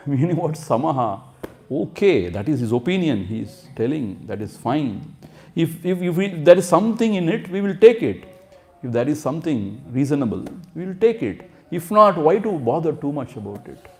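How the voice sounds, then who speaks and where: A man's voice: on the high side, very animated, moderate pace. A man teaching scripture as a spiritual teacher, explaining terms word by word and acting out quotes. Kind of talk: scripture lecture.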